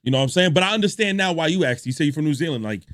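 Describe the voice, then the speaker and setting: A young man streaming a reaction video, telling stories in animated, slangy casual chat. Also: on the high side, very fast, dry recording, clean studio sound. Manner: animated storytelling, slangy, laughs a lot.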